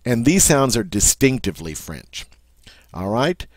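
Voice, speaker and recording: A man's voice: mid-range voice, big pitch swings, a little slow, no room sound. A man giving a patient language lesson, explaining sounds step by step and often checking in with "all right?". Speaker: French teacher.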